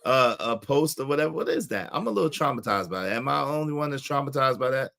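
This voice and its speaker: Bright-voiced man hosting a chatty live stream. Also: mid-range voice, expressive, quick pace, gravelly. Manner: chatty, repeats phrases, gives shout-outs. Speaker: stream host reacting to clips. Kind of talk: casual live-stream commentary.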